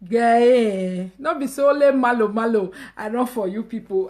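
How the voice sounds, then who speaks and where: Loud high-pitched woman ranting in Nigerian Pidgin. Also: animated, unhurried. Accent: Nigerian Pidgin English. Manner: emphatic, mocking, swings between loud outbursts and low asides. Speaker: live-stream host. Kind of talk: animated casual rant.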